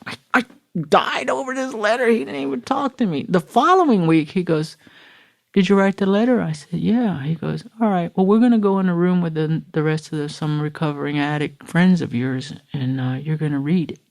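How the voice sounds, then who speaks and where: A woman's voice: fairly low pitch, fairly quick, creaky. A middle-aged woman from Florida, a podcast guest, giving an earnest, emotional personal recovery testimony and acting out the quotes she retells. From Florida, USA.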